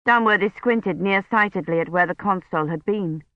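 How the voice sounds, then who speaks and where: A man narrating a novel as an audiobook in a measured storytelling delivery. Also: sits high, dry recording, muffled recording. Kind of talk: scripted narration.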